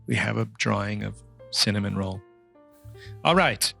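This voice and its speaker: A man's voice: lowish voice, measured pace, vocal fry, bright, forceful tone, soft background music. A man narrating a casual drawing tutorial in a chatty, playful way, quizzing the viewer as he works. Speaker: drawing instructor.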